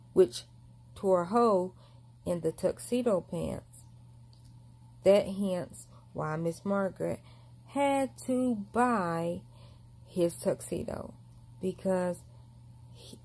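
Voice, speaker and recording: A woman's voice: lowish voice, creaky, a little mellow. A young woman telling a long personal story in a casual vlog, mumbling and restarting often. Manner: rambling, mumbled delivery with frequent restarts.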